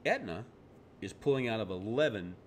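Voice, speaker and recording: A man's voice: on the low side, expressive, moderate pace, slight background noise. A man giving casual political commentary in a sarcastic, ranting way, tripping over words and restarting as he goes. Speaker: vlogger.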